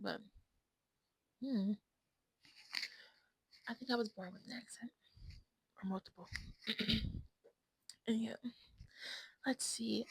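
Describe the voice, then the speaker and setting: Woman vlogger rambling, blunt, keeps slipping into whispers, husky voice, dry sound. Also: fairly high pitch, no room sound, rough recording. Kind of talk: casual chat to camera.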